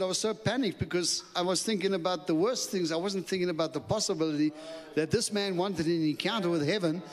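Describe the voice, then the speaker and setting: A man preaching as a guest speaker, telling a personal story with lively, chuckling asides in which he acts out his own thoughts. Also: on the high side, fairly quick, background noise. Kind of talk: sermon storytelling. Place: church sanctuary. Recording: long church hall reverb.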